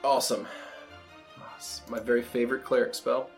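Brief: male game master, brisk dry rules-caller, faint music underneath. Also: mid-range voice, level tone. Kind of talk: running a tabletop game.

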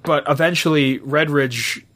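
A young man in casual conversation, excitedly retelling a movie's scenes, full of fillers and swearing. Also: fairly high pitch, measured pace.

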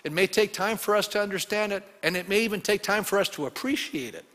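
A male pastor delivers a sermon with a high, bright voice and a lively, conversational manner, often turning to the congregation with questions. His voice rings out with a long reverb from the church hall. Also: quick pace.

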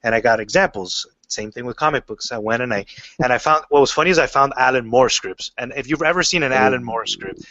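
A man's voice: medium pitch, fast talker. A man talks casually as an interview guest, spinning loose stories full of fillers and restarts. His voice sits in a middle range and comes through a dull, lo-fi recording. The room sound is dry, with no echo. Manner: relaxed storytelling, many fillers and restarts. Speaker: comic book writer.

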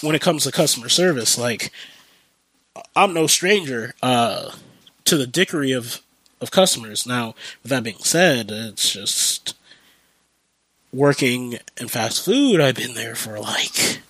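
A man's voice: medium pitch, expressive, a little slow, fairly bright tone, slightly rough, dry recording, poor audio. A man hosting a podcast, ranting casually with lots of fillers, restarts and swearing, while getting over a cold. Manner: rambling, profane, many fillers and restarts. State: recovering from a cold. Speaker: podcast host. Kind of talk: casual rant. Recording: dry close sound, new home mic.

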